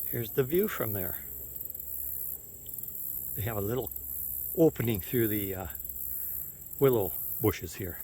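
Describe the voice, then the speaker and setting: A man's voice: on the low side, lively intonation, slow pace, long pauses, warm tone, slightly rough. Minnesotan man narrating a trike ride. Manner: chatty, pointing things out along the way. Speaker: trike touring vlogger. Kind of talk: casual outdoor narration while riding. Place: outdoors on park bike trails.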